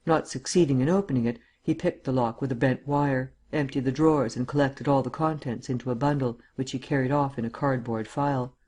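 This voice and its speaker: A man's voice: mid-range voice, steady tone, darkish tone. Man narrating a classic novel. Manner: measured storytelling, acting out the dialogue. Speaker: audiobook narrator. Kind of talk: scripted audiobook narration.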